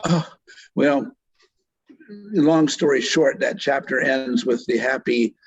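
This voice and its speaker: A middle-aged man with a husky, slightly rough voice tells a story in an interview. He is earnest and moved, and acts out the voices of the people he quotes. The recording is dry and close, with no room sound. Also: medium pitch, steady tone, measured pace, dry recording, muffled recording. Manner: vivid retelling that acts out quoted speech. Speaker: doctor and author being interviewed.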